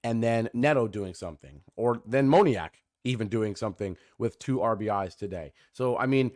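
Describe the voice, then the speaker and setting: A man in his twenties hosting a solo sports podcast, energetic and chatty, calling his listeners folks and often restarting or correcting himself mid-sentence. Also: on the low side, normal speed, dry recording, studio quality. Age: 20s.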